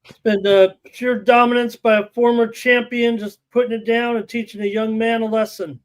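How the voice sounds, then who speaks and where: High-voiced man giving betting picks. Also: level tone, moderate pace. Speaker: betting stream co-host and picker. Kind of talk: casual live-stream banter.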